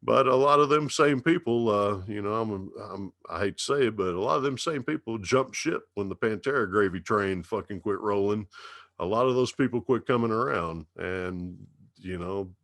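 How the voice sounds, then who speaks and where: A man in his fifties with a thick Dallas Texas drawl and a lowish voice. He drawls his stories at an easy, unhurried pace and swears casually throughout. The sound is close and dry, with no room around it. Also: fairly bright tone, no room sound. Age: 50s. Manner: slow drawling storyteller, heavy swearing. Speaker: radio DJ guest. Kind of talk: casual podcast interview.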